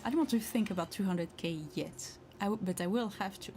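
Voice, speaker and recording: A chatty, giggly woman hosts a casual livestream, reading viewer comments aloud and encouraging them. Her voice sits at a medium pitch, and faint music plays behind her. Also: a little fast, darkish tone. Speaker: craft livestream host. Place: home craft space.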